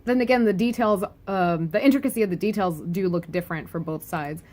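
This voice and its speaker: A webcomic reviewer gives a playful, joking video review, chatting loosely with plenty of "like" and "anyway" and frequent giggles. Her voice is fairly low and darkish, and she talks a little fast.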